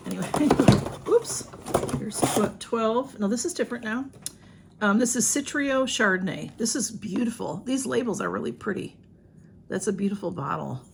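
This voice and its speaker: A woman's voice: mid-range voice, gravelly, noisy background. A woman, chatting casually through an unboxing with lots of ums and restarts. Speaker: vlogger. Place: home room with a ring light.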